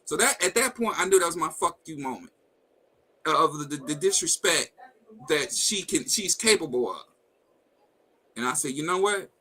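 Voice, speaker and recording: A man with a high, bright, forceful voice tells a heated personal story on a live talk stream. He is blunt and profane and acts out each line of quoted dialogue. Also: rough recording. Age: adult with a wife and kids. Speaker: host. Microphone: video call setup.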